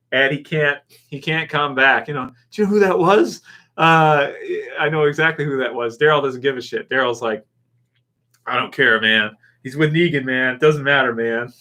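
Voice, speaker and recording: A man's voice: a little high, sharp tone. A Canadian man hosting a casual live stream, rambling and chuckling as he answers viewers' comments. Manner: rambling, chuckling, talks back to chat comments.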